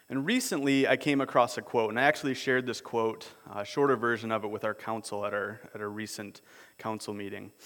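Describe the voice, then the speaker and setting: A man preaching a sermon as a pastor, in a relaxed, conversational way, often repeating words as he restarts. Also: mid-range voice. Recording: long hall reverb.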